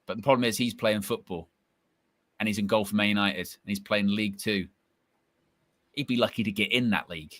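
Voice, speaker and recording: A man co-hosting a live football fan stream, reacting loudly and reading out viewer super chats. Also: fairly low pitch, no room sound. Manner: animated, sweary, quick reactions. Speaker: fan channel co-host.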